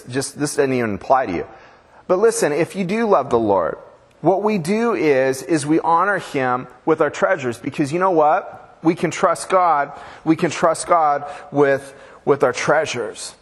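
Husky-voiced pastor preaching in a reverberant church. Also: male voice, on the high side. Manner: casual and joking, slangy storytelling. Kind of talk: sermon.

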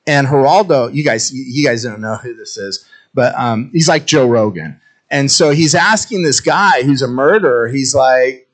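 A man's voice: mid-range voice, expressive, unhurried, fairly bright tone, poor audio. A man preaching a casual, conversational sermon, reading scripture and acting out stories with quoted voices. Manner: storytelling, acts out quoted voices. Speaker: pastor.

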